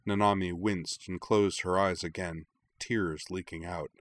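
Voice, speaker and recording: A man with a low voice reads a story aloud at a very slow, deliberate pace. His delivery is measured and quiet. The recording is dry and close, with no room sound. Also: steady tone, no echo. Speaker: narrator. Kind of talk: reading fiction aloud.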